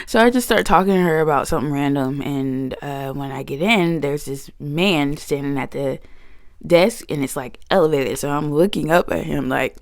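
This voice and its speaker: Animated young woman telling a story. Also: low voice, normal speed, no room sound, studio quality. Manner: animated, slangy, addresses viewers directly. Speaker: vlogger. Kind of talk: storytime vlog.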